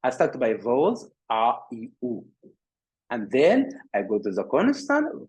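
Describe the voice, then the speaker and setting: Animated husky man lecturing. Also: measured pace. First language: Arabic. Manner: animated with large pitch jumps, repeats words and restarts. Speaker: physical therapy lecturer. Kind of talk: workshop lecture.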